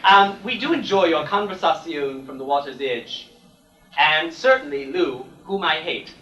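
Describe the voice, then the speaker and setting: A man's voice: a little high, expressive, measured pace, muffled recording, noisy background. A man performing a grand, catty drag lady persona, hosting live comedy before a theatre audience in a campy, mock-refined manner. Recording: fuzzy 1980s VHS air check, roomy and distant.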